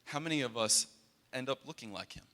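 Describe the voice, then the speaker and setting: A man's voice: medium pitch, animated, fairly quick, pushed and bright. Earnest young man preaching in a hall. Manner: conversational, earnest, with stammered restarts. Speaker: worship leader and guest speaker. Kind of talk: sermon. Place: large hall. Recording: long hall reverb.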